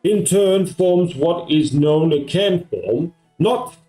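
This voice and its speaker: A man's voice: fairly high pitch, animated, slow, warm tone, faint music behind, poor audio. A man from Australia with an American-sounding accent, chatting casually on a live stream in a rambling way, full of fillers. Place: home at night.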